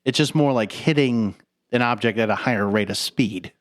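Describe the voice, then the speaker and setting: A man's voice: medium pitch, normal speed. Rambling man hosting a podcast. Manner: rambling, filler-heavy, laughs often. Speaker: podcast co-host. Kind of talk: casual chat.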